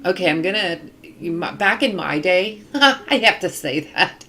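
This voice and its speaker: A woman's voice: on the low side, animated, a little slow, pushed and bright, soft background music. A middle-aged woman chatting casually on a live game stream, rambling along with many ums and restarts.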